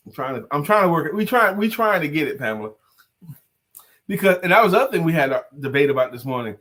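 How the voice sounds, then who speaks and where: A man's voice: fairly high pitch, big pitch swings, fast talker, fairly bright tone. A man co-hosting a casual talk show, playful and teasing, who laughs often and sings bits of songs. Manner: sings lines of a song. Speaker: co-host. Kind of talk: casual chat.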